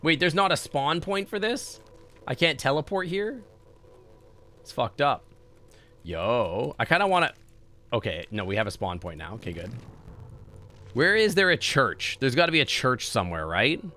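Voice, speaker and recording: A male game streamer with a bright, forward voice that swings widely in pitch as he talks. He chats casually to his viewers between moves and drops the odd swear word. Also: moderate pace, long pauses. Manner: animated, chatty, swears casually. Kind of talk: casual gameplay chat.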